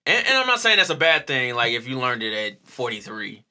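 A man with a very bright, forceful voice speaks, chatting casually as a co-host. He is animated and profane, laughing a lot and acting out what others say. His pitch sits in an ordinary middle range. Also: fairly quick. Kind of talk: casual chat.

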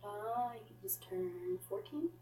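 Animated young woman podcast host, Kenyan-born. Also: mid-range voice, takes it slowly, a little hiss or hum, rough recording. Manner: animated, laughing easily, storytelling. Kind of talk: casual chat.

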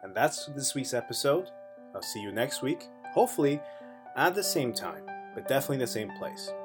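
A man's voice: mid-range voice, brisk, over music. Man telling a comic story. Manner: animated, builds suspense, self-deprecating jokes. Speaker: comedian hosting a storytelling podcast. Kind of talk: casual storytelling monologue.

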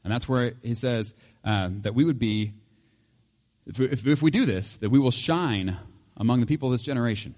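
A man's voice: mid-range voice, normal speed, darkish tone. Man preaching in an echoing hall. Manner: conversational, laughs often, uses everyday examples. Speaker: pastor. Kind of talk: sermon.

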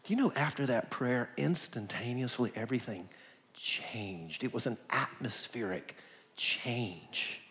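Animated preacher, emphatic storytelling. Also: male voice, medium pitch, measured pace. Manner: animated, emphatic, acts out quotes in a whisper or shout. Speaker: pastor. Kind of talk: storytelling sermon.

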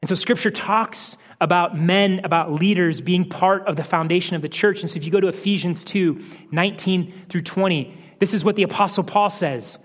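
High-voiced man preaching in a hall. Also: normal speed. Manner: explanatory teaching with restarts, softens for quoted lines. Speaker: pastor. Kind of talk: sermon.

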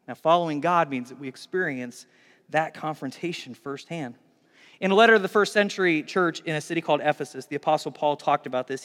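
Animated high-voiced male pastor, hall reverb. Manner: animated, swings from hushed to loud. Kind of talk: sermon.

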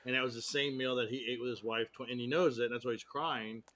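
A man's voice: mid-range voice, steady tone, fast talker, fairly bright tone. A man joining a casual talk about a movie, joking and swearing as he goes.

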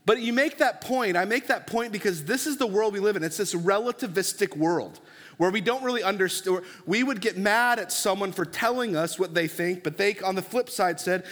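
A man in his thirties preaches in a chatty, storytelling way with a slightly high voice. His speech rings with a long echo through a large church hall. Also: normal speed, fairly bright tone. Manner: conversational storytelling, asks the audience for agreement. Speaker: pastor. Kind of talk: sermon.

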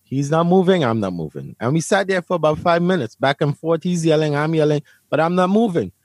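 Recorded with no echo, this interview guest from Brooklyn, New York, speaks in an expressive, high-side voice that is brisk and a little mellow. He tells an interviewer a personal story conversationally, emphatically and vividly, frequently repeating words.

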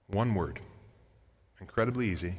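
A male pastor preaching a sermon to his congregation, earnest and direct, swinging from loud urgent appeals to quiet low passages, with casual asides. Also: lively intonation, moderate pace, breathy edge, big-room sound. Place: church sanctuary.

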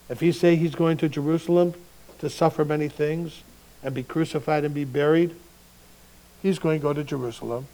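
A male pastor preaching a sermon in a conversational way, swinging between quiet reflection and emphatic bursts. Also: on the high side, rough recording.

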